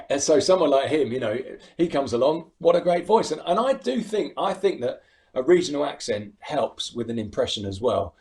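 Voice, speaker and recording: A man with a southern English accent talks casually as a guest impressionist. He is animated and laughs easily, with a mid-range voice. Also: medium pitch, normal speed. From United Kingdom. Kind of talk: casual interview chat.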